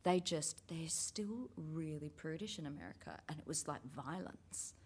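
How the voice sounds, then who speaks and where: A woman's voice: sits low, normal speed, husky. A woman, a theatre writer, talking frankly and thoughtfully in casual chat, with some swearing.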